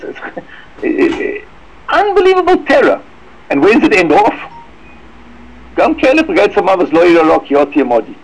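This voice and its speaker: A man giving an emphatic religious lecture, sprinkling in Hebrew and Yiddish terms, with sudden high swoops for emphasis. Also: breathy edge, rough recording. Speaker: rabbi giving a talk. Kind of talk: Torah lecture.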